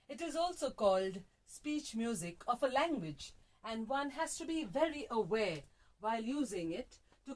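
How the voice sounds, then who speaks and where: A woman reading a language lesson aloud in a deliberate, sing-song way, recorded in a small radio prerecording room. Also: fairly high pitch, a little mellow. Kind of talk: slow, carefully read-aloud lesson on punctuation and intonation. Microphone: phone test broadcast.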